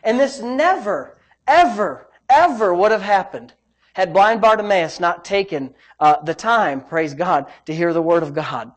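A man's voice: sits high, expressive, a little slow. Man preaching emphatically, sprinkling in praise. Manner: emphatic, repetitive, frequent "praise God" interjections. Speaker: pastor. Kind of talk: sermon.

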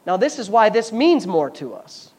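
A man's voice: high-pitched, sing-song, moderate pace, breathy edge. Pastor, male, fervent sermon delivery with conversational asides while teaching scripture. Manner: fervent preaching with scripture reading; explanatory, chatty asides.

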